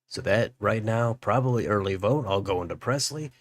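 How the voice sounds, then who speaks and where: A man's voice: on the low side, moderate pace, no echo. A man hosting a political livestream, musing aloud as he reads out election results. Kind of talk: live election results commentary.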